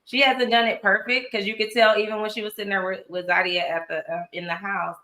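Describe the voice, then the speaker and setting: A woman in her thirties co-hosting a casual chat about a reality show, telling stories animatedly and acting out quotes with big pitch jumps. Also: little pitch movement, fast, sharp tone. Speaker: co-host. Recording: echoey room.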